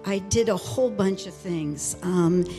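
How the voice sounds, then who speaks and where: A woman in her sixties giving a personal testimony, earnest and halting, with many fillers and restarts. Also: mid-range voice, mellow, faint music behind. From Alaska. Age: 60s. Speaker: speaker sharing testimony.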